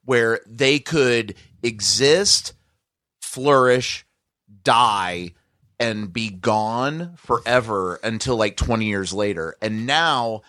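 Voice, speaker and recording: Male podcast co-host, mid-pitched, rambling and animated, dry sound. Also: slow pace, no echo. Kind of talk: casual podcast banter.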